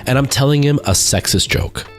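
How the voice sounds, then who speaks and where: A man's voice: mid-range voice, a little fast, soft background music. A man talking casually on his live stream, telling a rambling story with many fillers and restarts. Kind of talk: casual chat.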